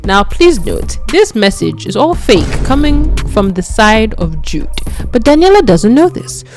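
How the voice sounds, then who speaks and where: A woman narrating a story in a casual, chatty way, dropping her voice low for the quoted lines. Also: very animated, measured pace, soft background music.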